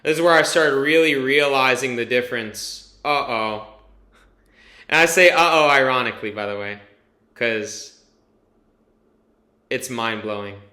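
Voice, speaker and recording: Guy vlogging, rambly and candid, bright voice, kinda echoey room. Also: mid-range voice, measured pace, pauses often. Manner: rambling, candid, swears casually, many fillers. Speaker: vlogger giving a testimonial. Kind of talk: casual personal vlog.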